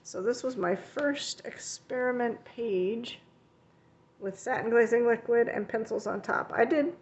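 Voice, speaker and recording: A fairly high-pitched woman in dull-sounding audio hosts a coloring channel and teaches art. In a casual show-and-tell vlog of her finished coloring pages, she chats and rambles, filling in with fillers and often correcting herself.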